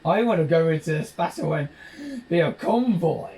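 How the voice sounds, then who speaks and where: A man's voice: on the high side, expressive, normal speed, mellow, slight background noise. A British man giving rambling, jokey gameplay commentary, describing himself as a dull talker. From Britain. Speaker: gaming channel host.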